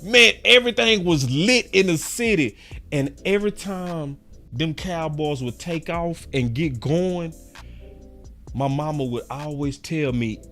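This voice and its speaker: A man's voice: a little high, expressive, a little slow, bright, forceful tone, soft background music. A man in his forties, a sports fan commentator, giving a passionate and repetitive rant to camera with preachy emphasis.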